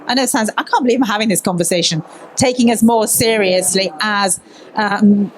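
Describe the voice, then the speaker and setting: A woman news presenter from Birmingham, England, speaks briskly at a medium pitch in a conference panel discussion, telling stories in a candid, animated way. The recording is low quality, with a little hiss or hum.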